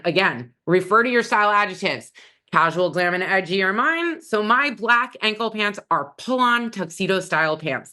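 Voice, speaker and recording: A woman's voice: mid-range voice, sharp tone. A middle-aged woman stylist giving blunt, opinionated fashion advice in a casual how-to talk.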